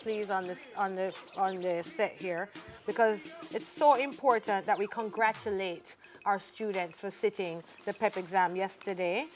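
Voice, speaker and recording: In a TV studio, a woman in her forties with a Jamaican accent co-hosts a morning show, reading news and chatting in a lively, animated, playful way. She has a mid-range voice and slips into patois from time to time.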